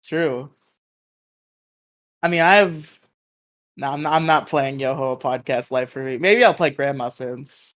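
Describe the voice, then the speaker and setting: A man's voice: mid-range voice, unhurried, long pauses, fairly bright tone. A man co-hosting a podcast in casual chat over a voice call, rambling and self-deprecating, laughing often. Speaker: podcast co-host.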